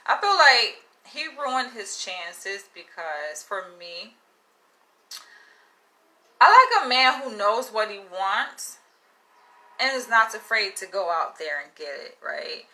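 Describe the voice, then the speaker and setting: Frank, bright-voiced woman vlogger. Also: medium pitch, big pitch swings, slow, low-quality recording. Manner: frank, profane and emphatic, laughing often. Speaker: livestream host. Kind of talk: casual livestream monologue.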